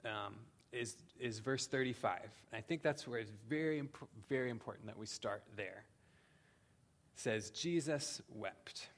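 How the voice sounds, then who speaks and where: A man preaching a sermon, speaking earnestly with slow, emphatic pauses and frequent "um"s. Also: mid-range voice. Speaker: pastor.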